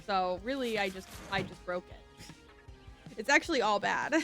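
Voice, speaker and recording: A woman's voice: medium pitch, unhurried, gravelly, a bit bright. A woman streaming a video game, chatting casually in a rambling way and apologizing often, with faint music behind her. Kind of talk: casual gameplay commentary.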